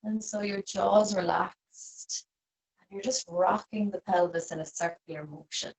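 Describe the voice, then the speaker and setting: A woman yoga teacher speaks in an unhurried, gentle way, guiding the class calmly. Her pitch sits in an ordinary middle range, and her instructions are soft-spoken. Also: poor audio. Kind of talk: guided restorative yoga class. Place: seated on a cushion.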